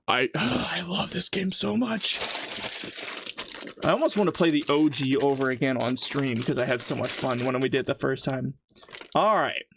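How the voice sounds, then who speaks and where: A man's voice: mid-range voice, background noise. A man chatting casually on a live stream as he cooks in his home kitchen, rambling to his viewers between tasks. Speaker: livestreamer. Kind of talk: casual live-stream chat while cooking.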